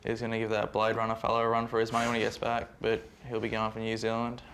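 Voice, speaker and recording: Flat-voiced soldier, casual. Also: male voice, fairly low pitch, fast talker, slight background noise. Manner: casual, rambling with fillers. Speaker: fellow soldier. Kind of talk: TV interview recollection. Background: music underscore.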